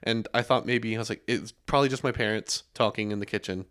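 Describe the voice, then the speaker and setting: A young man hosting a casual podcast, telling stories in a relaxed way with lots of fillers and restarts. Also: fairly low pitch, fast, clean tone.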